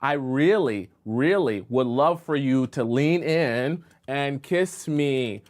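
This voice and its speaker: A man's voice: lively intonation, slow pace. A man voicing a frustrated woman on a date who keeps begging her date for a kiss. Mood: pleading. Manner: pleading, shrill and exasperated.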